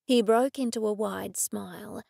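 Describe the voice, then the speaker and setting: A woman narrating a cozy mystery audiobook in first person, with measured, dry storytelling. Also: medium pitch, fairly even intonation, vocal fry, a little mellow, no echo.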